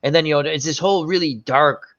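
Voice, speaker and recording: Bright-voiced man rambling through movie stories. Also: a little high, quick pace. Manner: rambling storyteller, often groping for names. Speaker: show host. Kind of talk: casual chat. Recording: dull lo-fi sound.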